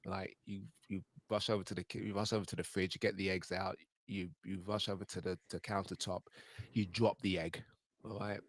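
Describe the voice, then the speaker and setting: A man's voice: sits low, level tone, brisk, dry recording. Rambling man on a video call. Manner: rambling, restarts sentences often. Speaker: host. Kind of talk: casual chat.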